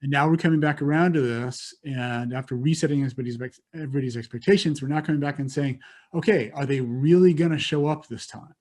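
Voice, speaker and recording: A man's voice: mid-range voice, quick pace, darkish tone. A man co-hosting a podcast, explaining at length in a loose, rambling way. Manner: rambling, many fillers and restarts. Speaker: co-host on public affairs and baking. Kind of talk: casual chat.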